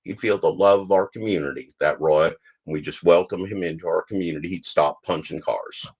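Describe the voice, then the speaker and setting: Middle-aged guy rambling jokes on his podcast, lowish voice, muffled lo-fi audio. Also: brisk, gravelly, a little mellow, slightly rough. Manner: rambling, joking, folksy grammar. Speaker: podcast host. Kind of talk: rambling comic monologue.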